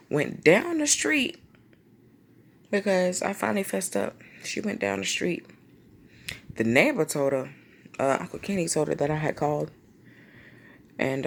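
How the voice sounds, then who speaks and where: A woman vlogger telling a personal story, lively and slangy, acting out quotes. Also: sits low, vocal fry, a little hiss or hum. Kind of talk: storytime vlog.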